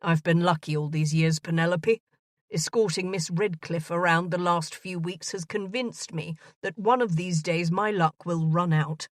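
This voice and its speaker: A woman voicing an earnest, bumbling gentleman of thirty proposing marriage in a romance audiobook. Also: fairly low pitch, steady tone, normal speed, no room sound, studio quality, natural voice. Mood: pleading.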